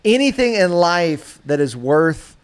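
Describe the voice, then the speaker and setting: Persuasive man with dramatic pauses. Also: a little high, very animated, smooth. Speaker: podcast co-host. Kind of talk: casual mock debate.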